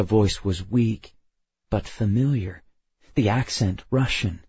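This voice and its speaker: A male narrator reads a first-person audiobook in a slow, measured way. His voice carries a husky grain. The recording is dry and slightly dull. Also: fairly low pitch, darkish tone, no room sound. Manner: measured, unhurried.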